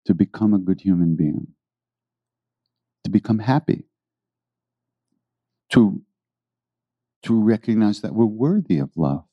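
Man, low voice, mellow tone, dry recording, earnest rambling spiritual talk, repeats himself. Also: dry recording. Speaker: spiritual teacher giving a talk. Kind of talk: informal spiritual talk to a live audience.

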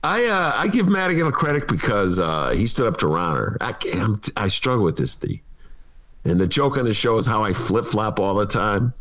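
A man, co-hosting a casual political talk show, animated and quick to laugh. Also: fairly low pitch. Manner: animated, laughing, mimics people mid-story. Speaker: co-host, columnist.

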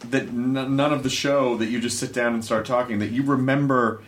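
A man's voice: mid-range voice, steady tone, brisk. A man hosting a casual interview, chiming in with short amazed reactions. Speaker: podcast host.

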